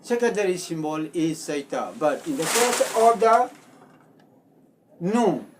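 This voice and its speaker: A man's voice: high voice, animated, unhurried, noisy background. A man, a Meitei speaker, giving a methodical language lesson and repeating each point. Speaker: language teacher and channel host. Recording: voice distant from the mic.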